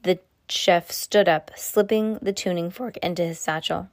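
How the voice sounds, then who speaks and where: A woman's voice: lowish voice, fairly even intonation, unhurried, hardly any pauses, no room sound, studio quality. A woman reading a novel aloud, stumbling now and then and restarting her sentences. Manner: unpolished reading with frequent slips and restarts. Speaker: reader.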